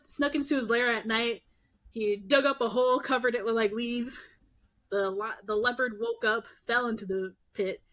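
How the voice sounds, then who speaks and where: A young woman co-hosting a podcast, casually retelling myths and acting out the characters' lines. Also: on the high side. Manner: animated, acts out characters' lines with swearing and laughs. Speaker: podcast co-host. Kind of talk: casual storytelling chat.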